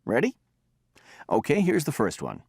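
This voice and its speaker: A man's voice: medium pitch, huge pitch swings, normal speed, a little mellow, slight background noise. A man giving a textbook listening lecture, explaining and demonstrating pronunciation by example.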